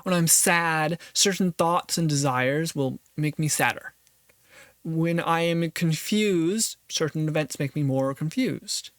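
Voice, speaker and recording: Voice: medium pitch, slow pace, dry recording. Earnest podcaster thinking aloud, dry sound. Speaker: podcast host. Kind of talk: reflective solo commentary on a philosophy text.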